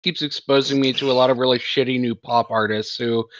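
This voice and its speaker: A man's voice: mid-range voice, fairly even intonation, a little fast, a bit bright, low-quality recording. A man co-hosting a crude casual podcast, grumbling and swearing. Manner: grumbling, profane. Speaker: podcast co-host.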